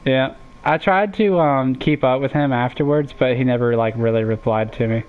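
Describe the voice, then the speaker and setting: A man talking casually over a video game, drifting into rambling stories. He is laid-back and swears freely, at a middle pitch. The mic sounds a little dull. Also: normal speed. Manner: rambling, laid-back storytelling with profanity and laughs. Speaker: game commentator. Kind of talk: casual let's-play commentary.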